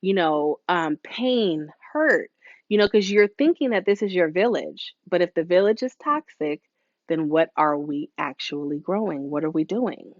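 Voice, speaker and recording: A woman's voice: on the low side, animated, measured pace, no echo, lo-fi sound. A woman hosting a live motivational talk as a hair stylist, speaking casually and preachily and acting out voices she quotes. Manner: casual, with many fillers and asides.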